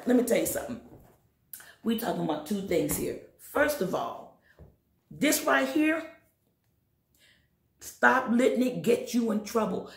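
Gravelly-voiced woman preaching emphatically. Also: a little mellow, echoey room. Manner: emphatic preaching, exhorting with sudden high bursts; addresses listeners directly. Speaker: Sunday school teacher. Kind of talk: sermon.

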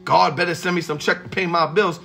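A man hosting a livestream, giving a streetwise motivational pep talk and shouting out viewers by name. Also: on the high side, fairly even intonation, fairly quick, creaky, slight background noise. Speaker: livestream host.

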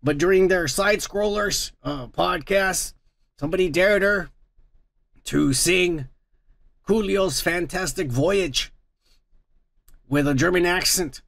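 A man's voice: high voice, slow, gravelly, pauses often, fairly bright tone, no room sound, clean studio sound. A man hosting a podcast, talking in a crude, rambling, profane way and laughing often. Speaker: podcast host. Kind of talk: crude casual chat.

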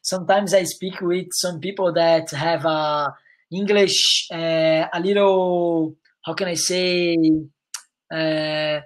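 Halting Brazilian man learning English. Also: a little high, fairly even intonation. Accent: Brazilian Portuguese. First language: Portuguese. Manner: halting, hesitant non-native English with many restarts and "you know?". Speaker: English student. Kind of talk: online English lesson conversation. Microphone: video call.

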